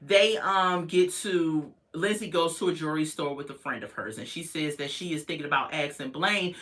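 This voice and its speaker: A sassy woman recaps a reality show in loose, chatty talk full of disbelieving asides. Her voice sits a little low for a woman yet rings bright and sharp. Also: normal speed.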